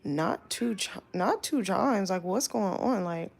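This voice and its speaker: Chatty young woman with vocal fry. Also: mid-range voice, a little slow. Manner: chatty, animated, lots of "like". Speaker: flight attendant. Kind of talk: casual storytime.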